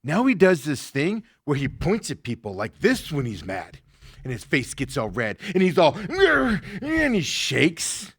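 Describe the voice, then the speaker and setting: A man hosting a sports talk show, ranting casually, laughing often and mocking people with quick impressions. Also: mid-range voice, huge pitch swings, husky, no room sound, clean studio sound.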